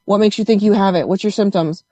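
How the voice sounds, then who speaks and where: A woman with a mid-range voice tells a story quickly in casual conversation, recorded with no echo. She's animated and swears while acting out what other people said.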